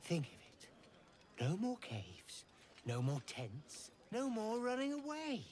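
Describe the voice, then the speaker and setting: An actor playing a hopeful young adventurer who speaks wistfully of a settled life. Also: male voice, sits high, huge pitch swings, takes it slowly, darkish tone, a little hiss or hum, full character voice.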